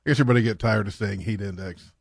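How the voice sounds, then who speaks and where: A man's voice: lowish voice, racing, creaky, no echo. A man co-hosting a radio show, tossing in dry, sarcastic asides in casual studio banter. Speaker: radio co-host.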